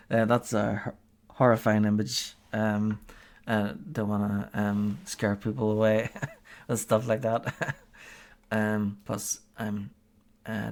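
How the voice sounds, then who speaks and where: Guy streamer, low gravelly voice, lots of ums and uhs, keeps chuckling while reading stuff out. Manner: hesitant, many fillers, chuckles often while reading. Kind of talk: casual livestream chat, reading a policy aloud.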